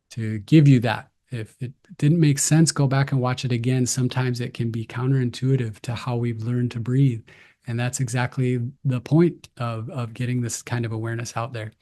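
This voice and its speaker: A man giving slow, calm, gentle breathing cues as a breathwork instructor. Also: mid-range voice.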